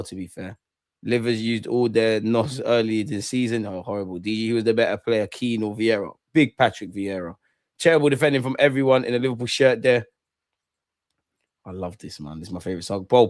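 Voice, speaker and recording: A man runs a live football watchalong, bantering and gloating in quick-fire slang. His voice sits at an ordinary, middle pitch. The sound is dry and close, with no echo at all.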